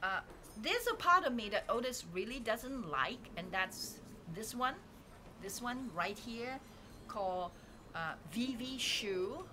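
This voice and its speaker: Her voice is a little high and sharp, with lively intonation and a slow pace over slight background noise. In a casual talking-head reflection on her own channel, she rambles and restarts a lot, recorded indoors at home on a dedicated microphone with a painting at her back.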